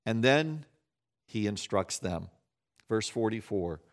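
A man preaching a sermon, telling the story in an animated way and acting out the scenes, often dropping to a quiet voice. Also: lowish voice, takes it slowly. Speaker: pastor.

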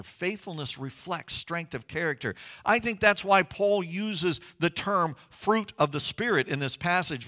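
A man's voice: a little high, a bit bright. A middle-aged man preaching a sermon as pastor, earnest and conversational, with emphatic rises.

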